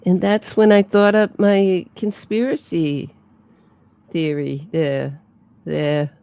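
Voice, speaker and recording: A woman's voice: lowish voice, level tone, vocal fry, warm tone, smooth, pitched above the performer's own voice. A woman doing a sarcastic defendant impression. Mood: mocking. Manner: sarcastic, halting.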